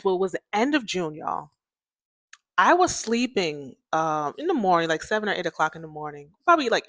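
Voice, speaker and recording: An animated young woman chatting through a personal story, talking straight to her listeners and laughing often. Her pitch sits in the middle, and the recording is dry and close, with no room sound. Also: no echo. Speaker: podcast host.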